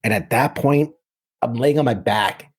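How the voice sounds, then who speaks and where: This New York City veteran in his thirties speaks unhurriedly in a medium-pitched, slightly rough voice. He recounts his story casually, rich in vivid detail, frequently starting his sentences over.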